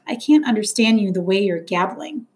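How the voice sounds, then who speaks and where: A woman's voice: medium pitch, animated, moderate pace, darkish tone, close to an everyday voice. Brief: woman narrator voicing a portly desk officer, dismissive and condescending, audiobook. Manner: condescending, smirking. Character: brusque, skeptical middle-aged male desk officer.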